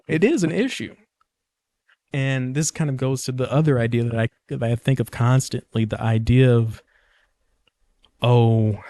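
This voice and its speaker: A man's voice: medium pitch, mellow, no echo. A young man hosting his own podcast, talking casually in a rambling, jokey way and often correcting himself mid-sentence. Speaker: podcast host. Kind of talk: casual solo podcast monologue.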